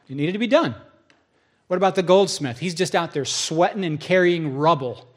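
Speaking in an animated, fairly quick, higher-pitched voice, this middle-aged pastor delivers a sermon full of stories. He performs both roles in dialogues and goes quiet and hushed when things turn solemn.

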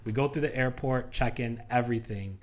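Speaking briskly in a mid-range voice, this male podcast co-host spins a story during casual conversation. He animates it by performing the voices of the people involved.

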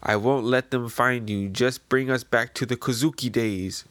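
A man reading the lines of a brave, selfless village woman in his own voice, calm and resolute. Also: medium pitch, moderate pace, dry recording, natural voice.

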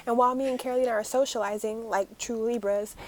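Excitable high-voiced young woman. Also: fast, a little hiss or hum. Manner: excitable, chimes in, lively laughter. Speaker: podcast co-host. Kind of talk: casual chat.

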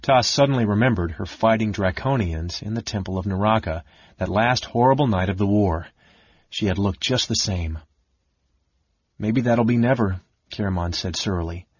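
Low husky male audiobook narrator. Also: no echo. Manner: measured, expressive storytelling. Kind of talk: scripted fantasy narration. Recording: dull lo-fi dry audiobook recording.

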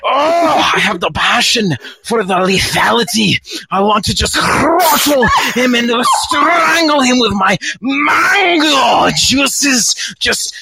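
A man doing a bloodthirsty talking mango, high and creaky. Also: animated, slow, heavy background noise, exaggerated voice. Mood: frenzied. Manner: overwrought, anguished ranting. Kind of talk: improvised comedic monologue.

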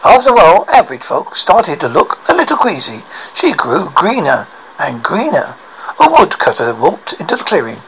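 A man narrating a children's storybook aloud, expressive, with small slips and restarts. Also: a little high, moderate pace, gravelly, a little hiss or hum, rough recording.

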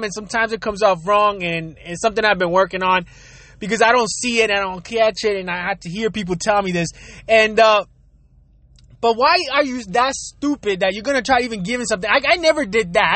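Young man, casual profane rant, very high bright voice, dry close sound. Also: dry recording. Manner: blunt, profane, laughing often.

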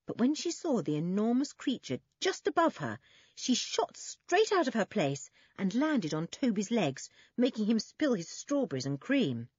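A woman narrating a children's adventure story in an expressive, animated reading. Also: mid-range voice, normal speed, husky, dry recording, muffled recording. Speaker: audiobook narrator.

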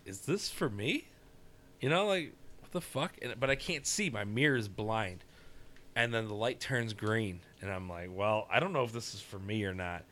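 A man telling a story in casual chat, profane and animated, often laughing. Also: fairly low pitch, slight background noise.

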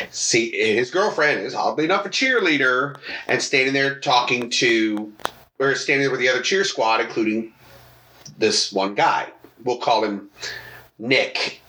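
Animated, crude male storyteller in an echoey room. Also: mid-range voice. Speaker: podcast co-host. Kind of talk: casual chat, storytelling. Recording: roomy echo.

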